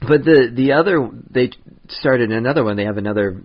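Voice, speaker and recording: A man's voice: medium pitch, fairly quick, muffled recording. A man co-hosting a podcast, chatting casually with lots of restarts and laughter. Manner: rambling, laughs often, many restarts. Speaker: podcast co-host. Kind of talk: casual chat.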